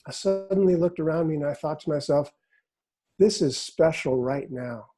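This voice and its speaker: A middle-aged man, a hypnotist, talking casually in an interview and sliding into slow, hypnotic phrasing as he tells stories. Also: a little high. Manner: relaxed and storytelling, drops into slow hypnotic phrasing. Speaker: hypnotist explaining his method. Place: office in a big city.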